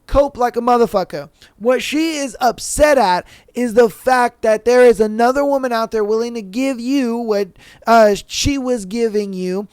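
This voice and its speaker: A man's voice: extremely high pitch, moderate pace, a little mellow, clean tone, no echo, clean studio sound. Profane, heated young man podcaster. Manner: blunt, profane, heated, addresses listener as bro. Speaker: podcast host. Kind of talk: casual reaction commentary.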